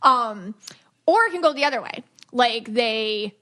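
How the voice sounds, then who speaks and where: A young adult woman hosting a podcast in casual chat, animated and acting out quoted voices. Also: on the high side, a little slow. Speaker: podcast host.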